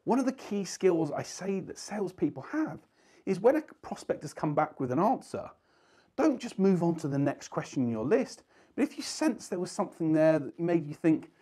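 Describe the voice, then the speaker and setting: Husky, lively-voiced male sales coach. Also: high voice, normal speed. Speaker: sales trainer. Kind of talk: instructional talk to camera.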